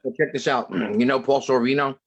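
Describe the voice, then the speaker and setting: Mid-pitched man telling a rambling story. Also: fairly even intonation, brisk, muffled recording. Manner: rambling anecdote with repeated restarts. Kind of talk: casual storytelling.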